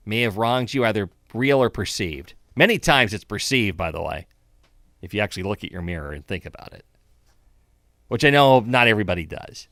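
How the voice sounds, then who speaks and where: A man's voice: medium pitch, pushed and bright, dry recording, clean studio sound. An older man hosting a morning radio show, reading the day's history with chatty, conversational asides. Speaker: radio host. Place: radio studio.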